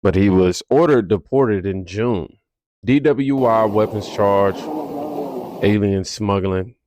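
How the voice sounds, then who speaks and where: A man's voice: lowish voice, slow, background noise. A man hosting a reaction commentary, with sarcastic remarks between clips. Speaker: commentary host.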